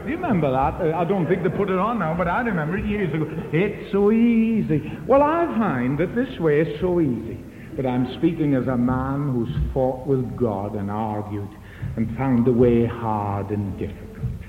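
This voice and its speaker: A man's voice: mid-range voice, lively intonation, normal speed. A man preaching a storytelling sermon, acting out the voices of the people in his story. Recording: echoey hall, dull lo-fi sound.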